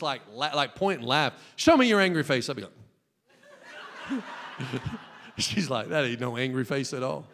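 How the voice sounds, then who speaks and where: A man preaching a Pentecostal sermon as pastor, emphatic and joking, dropping to a hush and then rising to loud cries. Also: a little high. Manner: emphatic, swinging from hushed to loud, joking asides. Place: church sanctuary with balcony. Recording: long church hall reverb.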